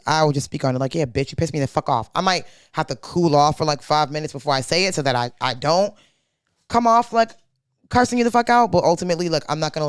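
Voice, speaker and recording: Fast-talking young woman podcast host. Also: low voice, clear, resonant tone, dry recording, clean studio sound. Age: young adult. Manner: slangy, profane, animated storyteller acting out quotes. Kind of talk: casual storytelling chat. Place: podcast studio.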